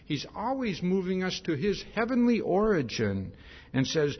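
Husky, emphatic male preacher. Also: high-pitched, moderate pace. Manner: repeats "see?" often, emphatic, lively rises and drops. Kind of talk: expository sermon on a Bible passage. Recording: dull lo-fi sermon recording.

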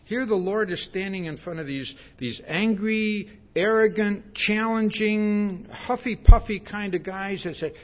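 Slow, emphatic preacher man. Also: sits high, muffled recording. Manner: slow, emphatic preaching with frequent "see?" asides. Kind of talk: sermon.

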